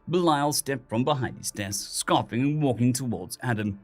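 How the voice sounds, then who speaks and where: A man narrating a story as an audiobook reader, in steady, animated storytelling. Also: mid-range voice, normal speed, few pauses. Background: soft music.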